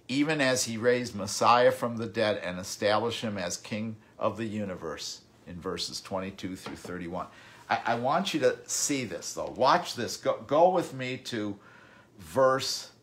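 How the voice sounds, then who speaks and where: A male pastor with a medium-pitched voice preaches a sermon, reading scripture slowly and deliberately. He repeats words as he thinks, alternating loud, emphatic bursts with quieter stretches.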